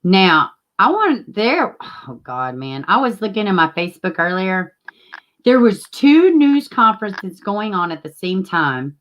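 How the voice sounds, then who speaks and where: A woman's voice: mid-range voice, very animated, measured pace, a bit bright. A woman, casually chatting with viewers as a livestream host and greeting them by name. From Tennessee, US.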